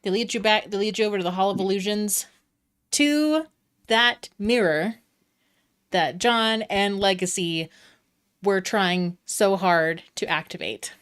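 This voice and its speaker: A woman narrating as dungeon master in a relaxed way, with lots of fillers. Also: mid-range voice, measured pace, smooth. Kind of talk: narrating a tabletop game.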